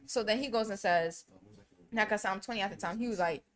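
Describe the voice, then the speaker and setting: A woman's voice: mid-range voice, fast, a bit bright. Slangy young woman telling a story. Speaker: podcast co-host. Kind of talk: casual drunk chat.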